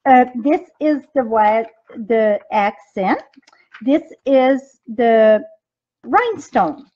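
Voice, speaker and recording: A woman's voice: a little high, expressive, drawn-out words, muffled recording. A woman leading a live-streamed craft demo, chatting straight to her viewers as she works, with loose grammar and frequent ums. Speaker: craft demonstrator and team leader. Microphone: device mic from a live video stream.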